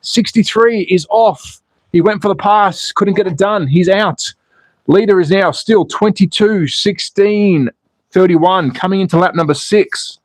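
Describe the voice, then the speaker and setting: Excitable man calling races. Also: high-pitched, measured pace, dry recording, low-quality recording. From Australia. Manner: excitable commentary, then relaxed chatting with viewers. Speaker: slot car racing live streamer. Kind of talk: live race commentary and chat reading. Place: home in Austria.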